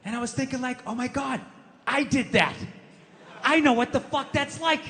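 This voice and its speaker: A man with a very high, forceful voice delivers a profane stand-up rant on a large stage through a handheld mic, his voice rising to shouts at the punchlines. His words ring in a long live-hall reverb over a faint bed of noise. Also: normal speed, long pauses. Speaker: stand-up comedian. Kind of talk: stand-up comedy set.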